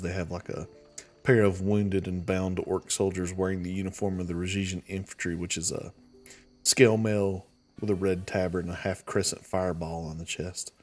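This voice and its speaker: Low-voiced man narrating a tabletop game. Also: little pitch movement, normal speed, faint music behind. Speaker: game master.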